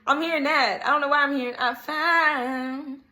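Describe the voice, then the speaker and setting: A woman's voice: high voice, steady tone, rapid-fire, bright, forceful tone, faint music behind. A woman giving a casual daily horoscope tarot reading, chatty and earnest, often checking in with viewers with "okay?". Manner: earnest, coaxing. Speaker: tarot card reader.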